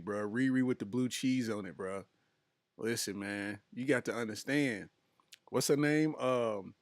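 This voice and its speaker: A male podcast host, chatting casually and laughing often at his live chat. His voice sits a little high and he talks slowly, stretching his words. The sound is dry and close, with no room around it. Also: no room sound. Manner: laughs often, slangy, drawn-out delivery.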